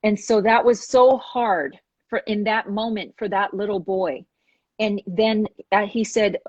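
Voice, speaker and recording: A woman hosting a talk show, telling a story with lively acted-out quotes. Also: medium pitch, a little slow, no echo, highs cut off. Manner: animated storyteller acting out quoted voices. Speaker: host.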